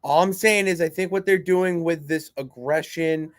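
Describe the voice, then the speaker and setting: A man's voice: fairly high pitch, normal speed, dry recording, clean studio sound. A man from Canada co-hosting a wrestling podcast, rambling through ideas in casual chat and swearing freely. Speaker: co-host.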